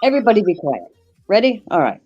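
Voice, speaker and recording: A woman's voice: mid-range voice, very animated, quick pace, a little mellow, husky, dull audio, faint music behind. A woman from Maine with a Maine accent, casually chatting on a livestream panel, joking and teasing as she tells a story. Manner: laughing, teasing, plays up her accent.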